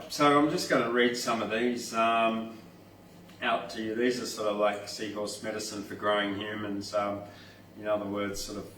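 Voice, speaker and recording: Slow-talking man at an open mic. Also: mid-range voice, a bit bright. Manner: unhurried, chatty, many ums, laughs easily. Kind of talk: poetry reading and chat. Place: restaurant indoors. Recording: roomy distant mic, faint noise.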